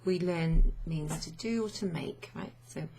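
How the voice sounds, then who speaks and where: Woman language tutor with a gravelly, low-pitched voice. Slow, thinking-aloud delivery. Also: dark tone, a little hiss or hum. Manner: unhurried, thinking aloud with many fillers. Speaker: language teacher. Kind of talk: explaining grammar to students.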